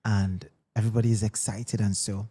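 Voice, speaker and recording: A man's voice: on the low side, flat delivery, fairly quick, mellow. A man, a guest singer telling stories in casual chat, breaking into sung hooks and acted voices. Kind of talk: casual storytelling.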